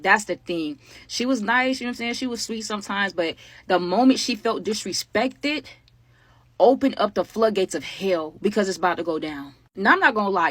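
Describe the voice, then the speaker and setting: A young woman, telling a storytime vlog to her viewers in a casual, animated, slangy way. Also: mid-range voice, dry recording. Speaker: storytime creator.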